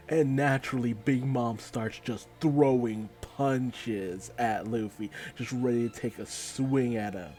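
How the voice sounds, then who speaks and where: Casual male manga reviewer, warm, dark tone, loose delivery, light music underneath. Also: medium pitch, unhurried, few pauses. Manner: animated, laughing, loose and profane. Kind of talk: casual commentary recap.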